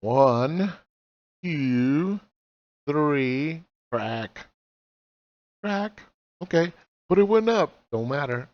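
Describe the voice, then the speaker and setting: A man's voice: a little high, expressive, takes it slowly, long pauses, a little mellow, no room sound. A man in his forties teaching chart reading in a casual walkthrough. He is blunt and profane and fires off rhetorical questions. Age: 40s. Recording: slightly dull lo-fi recording.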